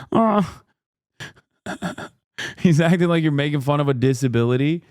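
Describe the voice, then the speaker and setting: A man's voice: fairly high pitch, a little fast, darkish tone, clear, resonant tone, dry recording, clean studio sound. A man hosting a casual reaction stream, talking in a crude, mocking, profane way. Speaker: streamer host.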